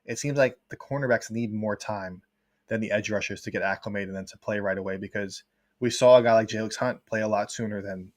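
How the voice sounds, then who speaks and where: Man, sports podcast co-host, rapid talker, long analytical run-ons, casual chat. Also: medium pitch. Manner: fast, analytical, talks in long run-on points. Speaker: co-host, football writer.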